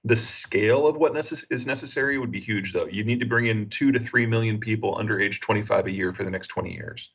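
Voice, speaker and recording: American guy, low-ish husky voice, explaining things calmly, dull lo-fi sound. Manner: measured, analytical, frequent "uh" fillers. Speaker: geopolitical analyst guest. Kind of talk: explanatory interview answers.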